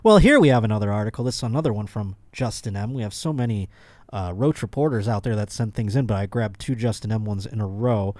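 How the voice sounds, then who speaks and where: A man's voice: fairly low pitch, animated, quick pace, a little mellow, no echo. A man hosting a comedy podcast, rambling through news stories with crude jokes. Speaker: podcast host. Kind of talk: casual comedic chat.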